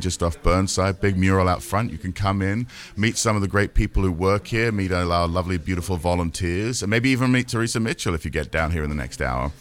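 A man with an English accent, co-hosting a radio pledge drive in a joking, chatty way and repeating the call-in number. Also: sits low. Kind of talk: casual radio pledge pitch. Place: radio studio.

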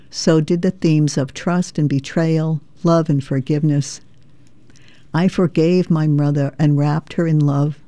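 Low-pitched and dark in tone, this woman's voice is captured in a dry recording. She's a memoir author and performer from New York who comes across as earnest and reflective. First she reads from her memoir, then she settles into casual chat as a guest.

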